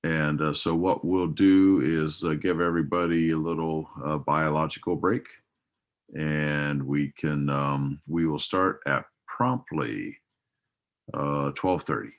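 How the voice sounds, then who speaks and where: A man moderates an industry webinar, taking questions and running the schedule in a loose, rambling way full of fillers. His voice sits low in pitch. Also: steady tone, slow. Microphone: video call.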